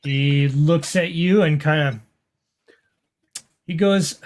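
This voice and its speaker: A game master narrates a tabletop horror scene at an unhurried pace, describing each action plainly. The voice sits at a middle pitch and stops now and then to restart a phrase. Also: a little mellow. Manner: slow, descriptive, with small restarts.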